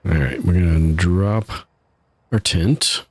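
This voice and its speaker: A man's voice: low voice, slow, no room sound. A man casually commenting while he streams a game live, chatty and laughing at his own troubles from his home setup. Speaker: gaming streamer.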